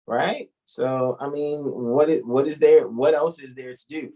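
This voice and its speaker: A man's voice: mid-range voice, normal speed, hardly any pauses, mellow, poor audio. A man co-hosting a casual podcast chat, blunt and profane with a preachy edge. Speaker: co-host.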